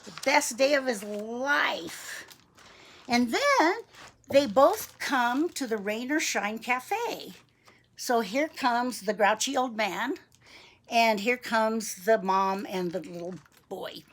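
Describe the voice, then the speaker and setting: A woman reading a picture book aloud to young children, gentle and chatty, asking them questions. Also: a little high, expressive, slow pace. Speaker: storybook reader for young children.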